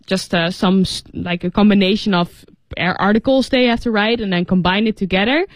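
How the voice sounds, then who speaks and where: A woman's voice: mid-range voice, fairly quick, no echo. A woman co-hosting an English lesson, reading story lines and explaining phrases in a chatty way with many fillers.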